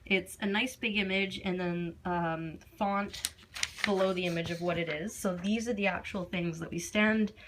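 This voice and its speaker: A woman's voice: on the low side, fairly even intonation, normal speed, background noise. Chatty young woman explaining a lesson. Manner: chatty, with many fillers and acted-out classroom prompts. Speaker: English teacher. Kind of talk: casual explanation of a classroom lesson.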